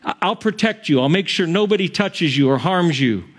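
A man's voice: a little high, lively intonation, moderate pace, pitched above the performer's own voice. A man preaching, voicing a kind, protective landowner who speaks reassuringly. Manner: warm, reassuring.

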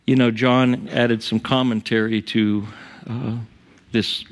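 A male pastor preaching a sermon in church, tearful and emotional, his voice rising high on emphatic lines. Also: level tone, slow.

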